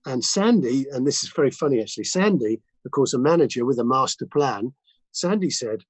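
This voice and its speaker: A man, a mixing engineer, telling studio anecdotes as a guest in a casual interview, lively and full of restarts. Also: mid-range voice, a little fast, no room sound, low-quality recording. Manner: animated anecdotes with many restarts and fillers.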